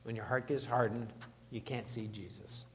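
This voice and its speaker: A man's voice: mid-range voice, fairly even intonation, moderate pace, long reverb tail, slight background noise. A man preaching a sermon, emphatic and putting questions to the congregation. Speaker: pastor.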